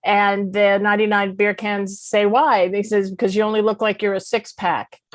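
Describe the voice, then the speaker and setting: A woman playing in a live improv comedy show, telling animated bar jokes with little character voices. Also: mid-range voice, moderate pace, dry recording. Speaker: improv player.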